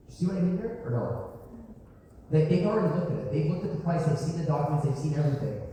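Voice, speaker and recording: Emphatic sales trainer in an echoey hall. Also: male voice, on the high side, sing-song, brisk, dark tone, a little hiss or hum. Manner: emphatic, punchy, repetitive asides. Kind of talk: motivational sales coaching talk. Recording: echoey hall from far off, faint ambience.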